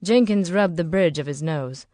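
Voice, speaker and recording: Woman, audiobook narration, low voice, measured, dry close sound. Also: dark tone, no echo. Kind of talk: scripted narration.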